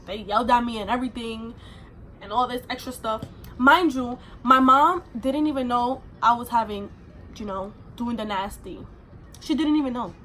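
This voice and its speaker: A woman's voice: a little high, moderate pace, pushed and bright, a little hiss or hum. A young adult woman vlogger telling a personal story in a casual, rambling way, full of fillers.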